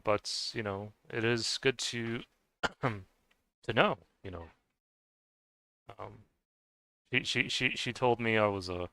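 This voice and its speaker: Young male streamer, casual rambling chatter, bright tone, dry close mic. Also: on the low side, smooth, dry recording. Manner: rambling, chatty, frequent fillers and restarts, laughs often. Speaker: gaming livestream host. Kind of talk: casual chat with live viewers.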